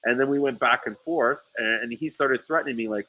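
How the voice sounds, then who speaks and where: A man recounting a feud in an animated, heated way, cursing freely and tripping over his own words. His voice is bright and forward. It sounds like a casual podcast conversation. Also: mid-range voice, fairly quick, few pauses, no echo, rough recording. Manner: animated storytelling, swears often, many restarts. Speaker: sea moss seller. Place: St. Lucia.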